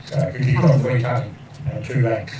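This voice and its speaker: A man's voice: medium pitch, steady tone, moderate pace, warm tone. A man playing in a tabletop game, explaining rules with false starts. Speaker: player. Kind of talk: casual tabletop game chat. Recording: echoey distant mic with faint noise.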